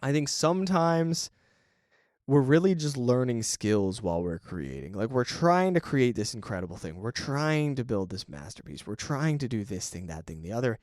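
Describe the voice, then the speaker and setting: A man's voice: mid-range voice, sing-song, moderate pace, a little mellow, no room sound, studio quality. A man hosting a solo podcast, talking through ideas in a reflective, conversational way and often checking in with the listener. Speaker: podcast host. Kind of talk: casual solo talk on creative work.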